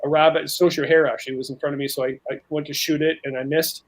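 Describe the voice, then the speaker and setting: A man's voice: a little high, level tone, quick pace, low-quality recording. A man telling long, rambling outdoor stories in a casual panel chat, with frequent restarts. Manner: rambling storyteller, many restarts.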